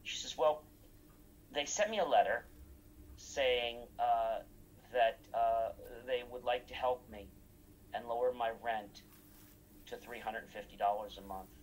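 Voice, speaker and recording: A man's voice: mid-range voice, steady tone, measured pace, pauses often, a little hiss or hum, poor audio. Man telling stories in casual chat. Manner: acts out quoted dialogue.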